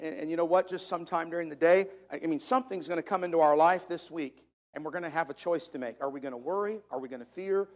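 A man preaching a sermon as pastor, emphatic, slowing down to stress the verses he quotes and drifting on and off the microphone. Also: fairly high pitch.

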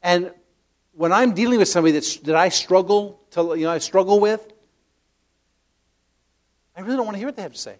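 An older man preaching a sermon, telling stories with lively acted-out inner voices and soft tender asides, often repeating words as he searches. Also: high voice, fairly quick, long pauses. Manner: animated storytelling, acts out inner voices, drops to soft tender tones. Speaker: pastor.

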